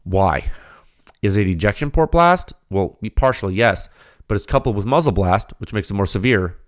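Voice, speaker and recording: Guy hosting a tech podcast, gets worked up, lots of questions in a row, voice jumps around a lot. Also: fairly low pitch. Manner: animated, ranting, rapid rhetorical questions; heated, then settles into explaining data. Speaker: podcast host. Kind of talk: technical podcast talk.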